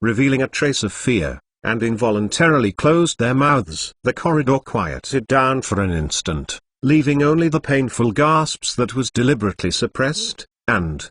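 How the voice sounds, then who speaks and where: A man giving a steady, scripted narration of a translated fantasy novel. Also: mid-range voice, normal speed, hardly any pauses.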